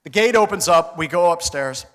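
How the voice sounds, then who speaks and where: A middle-aged American man telling a comic story on a conference stage, casual and animated, with slang and mild swearing. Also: on the high side, moderate pace. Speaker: conference speaker. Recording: reverberant conference hall.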